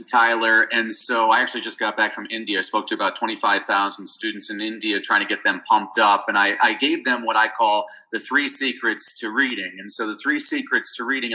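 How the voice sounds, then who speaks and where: A man who is a guest on a podcast, telling stories in an animated, enthusiastic way. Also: on the low side, rough recording. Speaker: guest, reading advocate. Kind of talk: storytelling interview talk.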